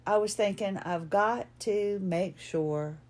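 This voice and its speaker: A middle-aged woman with a drawl talks her way through a personal story on her podcast. She rambles and restarts her sentences, doubling back on her words in a loose, chatty flow. Her pitch sits right in the middle. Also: slow, a little mellow. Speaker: podcast host. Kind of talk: casual personal monologue.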